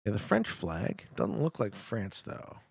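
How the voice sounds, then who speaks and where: A man's voice: on the low side, big pitch swings, a little slow, gravelly, slightly rough, no echo, studio quality. A young man streaming a geography guessing game, joking and talking back to his chat. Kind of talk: casual live gameplay commentary.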